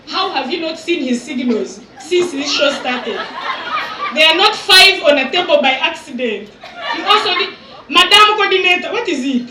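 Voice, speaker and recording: A woman in her thirties doing live stand-up crowd work as event host, teasing and exaggerating in an animated way. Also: high-pitched, noisy background. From Uganda. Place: outdoor resort event with audience. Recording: echoey venue sound from far off.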